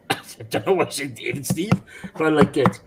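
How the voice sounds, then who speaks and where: A man hosting a football podcast, speaking emotionally and haltingly with many pauses. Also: a little high, background noise. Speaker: podcast host. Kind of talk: casual football podcast chat.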